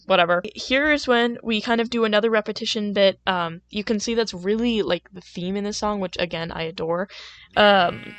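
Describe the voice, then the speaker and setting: A woman's voice: mid-range voice, dry recording. Chatty young woman yapping while gaming. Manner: chatty, self-deprecating, lots of fillers and asides; sudden loud playful outbursts. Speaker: gaming video creator. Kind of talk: rambling casual chat while playing.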